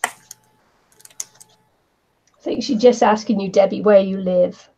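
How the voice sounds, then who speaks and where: A woman with a New Zealand accent hosting a casual crafting livestream, losing her voice from hay fever and slowly explaining each step as she works. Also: medium pitch, fairly even intonation, dark tone, highs cut off, a little hiss or hum. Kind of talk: casual chat while crafting.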